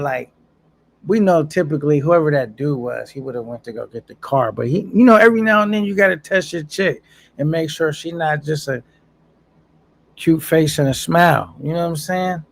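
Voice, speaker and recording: Chill guy on a livestream reading chat, gravelly voice, slangy, laughs a lot. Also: a little high, animated, normal speed. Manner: laid-back, slangy, laughs often. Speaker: live streamer. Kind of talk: casual livestream chat reading viewer comments.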